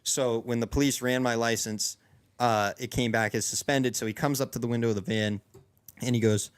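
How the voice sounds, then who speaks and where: A young man tells a long story to his friends in a loose, rambling way, circling back with fillers and restarts. His voice sits in an ordinary middle pitch, and the delivery feels casual and chatty. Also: a little fast, clear, resonant tone. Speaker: podcast co-host.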